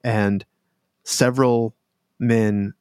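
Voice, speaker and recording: A man narrating as game master of a tabletop game, describing scenes slowly and with some restarts. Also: fairly low pitch, little pitch movement, darkish tone, clean tone, dry recording.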